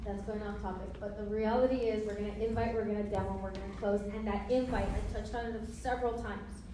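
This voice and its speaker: A woman's voice: mid-range voice, steady tone, fast. A young woman giving a playful motivational business training to a live audience, laughing often and acting out conversations. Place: meeting room with an audience. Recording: very echoey room, mic far off, faint hiss.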